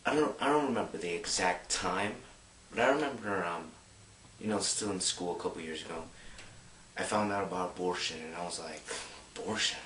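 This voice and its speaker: A young man talking to camera in a rambling, excited way, full of filler words. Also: low voice, brisk, a little hiss or hum. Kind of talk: casual monologue to camera. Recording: roomy, distant mic.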